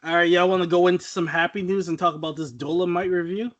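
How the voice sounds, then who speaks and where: A man's voice: high voice, steady tone, fast, a bit bright, highs cut off. A man co-hosting a casual podcast, laid-back, slangy and profane. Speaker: podcast co-host. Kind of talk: casual chat.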